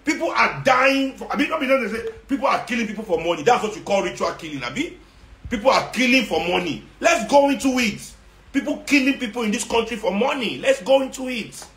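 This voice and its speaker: A high-voiced Nigerian man rants with sarcasm and rising indignation, slipping into Pidgin as he goes. His voice rings around an echoey room. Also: animated, a little fast, fairly bright tone. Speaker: social media commentator. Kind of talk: impassioned monologue.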